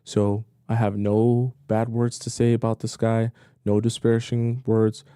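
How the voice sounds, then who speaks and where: A man speaks in a mellow, warm tone, commenting on dating clips in a chatty, teasing manner. His voice sits close and dry, with no room sound around it. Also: on the low side, completely flat delivery, unhurried, clear, resonant tone, no echo. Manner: playful, chatty, teasing asides. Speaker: dating coach reacting to clips. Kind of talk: casual commentary.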